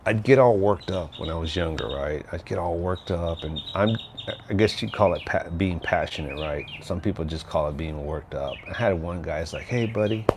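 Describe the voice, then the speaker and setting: A low-sitting male voice at normal speed comes from an older man from Texas hosting a livestream outdoors by his house, against a noisy background. Easygoing and rambling, he keeps slipping in "right?"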